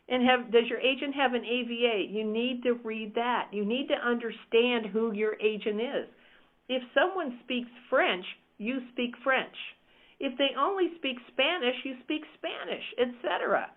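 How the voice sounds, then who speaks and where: A woman's voice: on the high side, expressive, normal speed. A woman leading a coaching call, talking in an emphatic, upbeat and direct way. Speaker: real estate team coach. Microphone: phone. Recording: tinny phone line.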